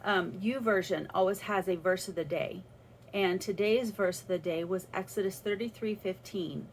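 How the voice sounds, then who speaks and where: A woman's voice: medium pitch, moderate pace, slight background noise, rough recording. A woman talking through a personal faith reflection in a casual, earnest way, with restarts as she thinks aloud. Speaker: vlogger sharing a faith reflection.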